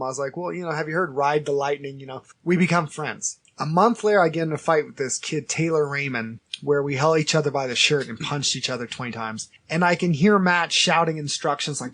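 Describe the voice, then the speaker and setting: Animated, laughing storyteller man. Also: fairly high pitch, a little fast, few pauses. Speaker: podcast host. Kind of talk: casual storytelling chat.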